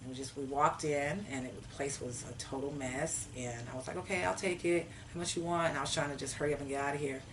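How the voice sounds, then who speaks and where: A woman telling a personal story in a casual, animated way, acting out her own past conversations. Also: low voice, quick pace, few pauses, distant mic, a little hiss or hum, low-quality recording.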